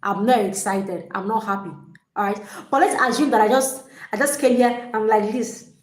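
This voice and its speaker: A woman's voice: mid-range voice, normal speed. A woman life coach giving a live coaching talk to single women, speaking emphatically, repeating key phrases and addressing viewers directly. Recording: roomy echo.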